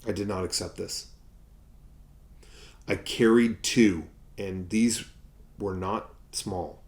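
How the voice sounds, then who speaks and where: A man spins a collecting story like an epic tale. He swells loud, then drops to near-whispers for effect. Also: low-pitched, fairly even intonation, slow pace. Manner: dramatic, swings between loud and hushed. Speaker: toy collector vlogger. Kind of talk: mock-epic storytelling to camera.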